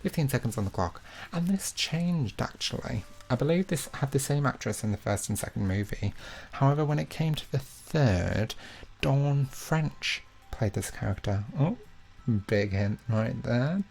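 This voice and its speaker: A man's voice: mid-range voice, gravelly, darkish tone. A young man hosting a live online quiz, reading each question twice and filling the gaps with chatty, self-mocking asides. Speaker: quiz host.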